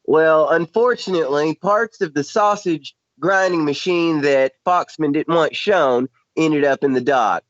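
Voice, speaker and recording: A man's voice: on the high side, unhurried, few pauses, no room sound. A male radio co-host in casual chat, joking and musing wryly, over muffled lo-fi radio audio.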